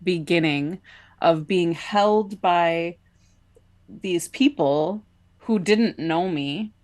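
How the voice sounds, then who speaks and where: A woman's voice: fairly low pitch, drawn-out words, a little mellow. A woman co-hosting a podcast, telling a personal story in a casual, chatty way with lots of filler likes. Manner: chatty, many filler likes, laughs between phrases. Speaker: podcast co-host.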